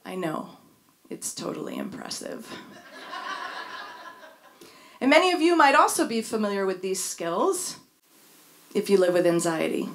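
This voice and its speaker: A woman's voice: medium pitch, lively intonation, normal speed, slight background noise. A middle-aged woman reading a candid personal essay on stage, wry and dryly humorous. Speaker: speaker sharing a personal story. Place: stage before a live audience.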